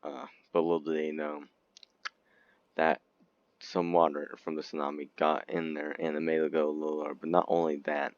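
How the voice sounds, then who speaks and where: A man giving rambling, giggly casual commentary over a game video, breaking into sudden squeaky outbursts, on a dull lo-fi recording. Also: flat delivery, normal speed, no echo. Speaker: gaming video creator.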